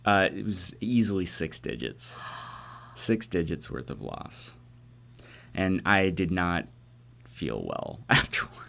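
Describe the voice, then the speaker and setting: A man's voice: low-pitched, sing-song, slow pace, gravelly, pauses often, a bit bright. A man co-hosting a comedy podcast, telling a self-deprecating story in casual chat with hesitant fillers. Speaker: podcast co-host.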